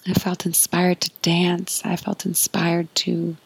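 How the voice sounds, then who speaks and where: Soft-spoken woman doing a reflective podcast talk, super breathy, kinda low voice. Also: completely flat delivery, dry recording, poor audio. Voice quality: breathy, often whispered delivery. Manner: slow, soft and earnest. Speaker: podcast host. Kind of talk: reflective spiritual monologue.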